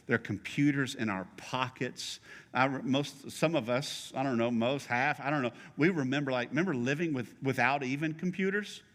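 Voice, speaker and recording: A man's voice: medium pitch, normal speed, fairly bright tone, in a large hall. A middle-aged male pastor preaching a sermon in a conversational, joking way, teasing his congregation.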